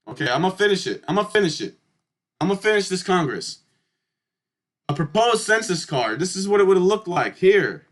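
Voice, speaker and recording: This is a man with a notably high voice, giving casual commentary as he reads through documents. He talks bluntly and with emphasis, swears freely, and keeps turning to his viewers to address them. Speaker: channel host. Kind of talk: casual commentary reading through historical charts.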